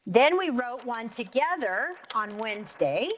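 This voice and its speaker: A woman teaching a recorded lesson to young students, talking clearly and patiently and counting syllables out slowly. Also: a little high, big pitch swings. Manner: clear, encouraging, slow and deliberate when counting syllables. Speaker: elementary school teacher.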